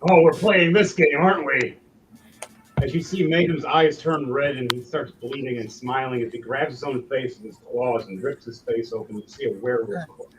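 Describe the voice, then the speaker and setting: A man's voice: mid-range voice, brisk, hardly any pauses, distant mic, noisy background. A man running a tabletop game as game master, narrating theatrically.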